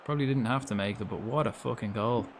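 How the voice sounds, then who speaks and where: Chatty, swearing Irish streamer. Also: male voice, mid-range voice, fast talker, a little hiss or hum. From Ireland. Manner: chatty, swears freely, reacts aloud to the game. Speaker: gaming streamer. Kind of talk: casual live-stream commentary.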